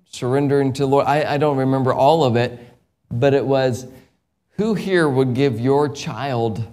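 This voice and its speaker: Impassioned evangelist preacher, man. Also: mid-range voice. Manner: builds to loud impassioned peaks, then drops to quiet storytelling. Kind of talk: sermon.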